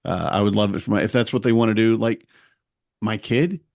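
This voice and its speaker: A man in his forties chatting casually on a podcast, telling lively family stories and acting out what people said. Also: fairly low pitch, fairly quick, gravelly, no room sound, clean studio sound. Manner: lively storyteller who acts out quotes. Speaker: podcast co-host and at-home dad.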